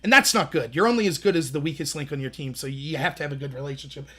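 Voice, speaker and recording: A man in his thirties hosting a livestream, telling animated stories in casual commentary and acting out the voices he quotes. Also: on the high side, fast talker, husky. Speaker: livestream host.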